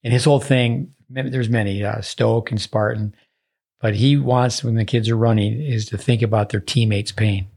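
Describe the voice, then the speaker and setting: A man's voice: fairly low pitch, fairly even intonation, normal speed, creaky, a little mellow. A man hosting a podcast interview, with brief encouraging interjections and short asides. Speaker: podcast host.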